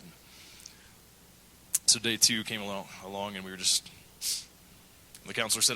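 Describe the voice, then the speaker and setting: A man's voice: on the low side, little pitch movement, fairly quick, long pauses, bright, forceful tone, a little hiss or hum, low-quality recording. A middle-aged male pastor preaching a sermon, telling a candid personal story and acting out the quotes. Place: church.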